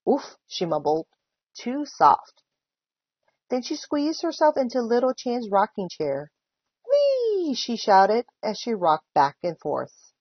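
A woman volunteer reading a children's book aloud with expressive storytelling. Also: mid-range voice, unhurried, hardly any pauses, dry recording, highs cut off. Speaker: volunteer reader.

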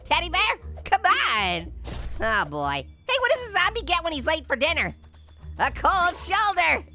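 A squeaky, giggling cartoon orange. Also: male voice, huge pitch swings, measured pace, pushed and bright, faint music behind, exaggerated voice. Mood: goofy. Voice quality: squeaky, high, gravelly edge. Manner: giggly, pun-telling, constantly laughing at own jokes. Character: hyper, wisecracking talking orange with punny jokes. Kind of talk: gaming let's-play commentary.

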